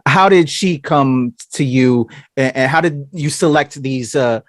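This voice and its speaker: A man hosting an interview, speaking emotionally and haltingly, with many fillers and restarts. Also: mid-range voice, dry recording, studio quality. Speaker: interview host. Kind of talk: conversational interview.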